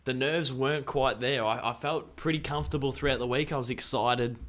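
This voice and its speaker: Young Australian man, live streamer, excitable, rambling, mid-pitched voice. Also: fairly quick. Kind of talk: casual live stream chat.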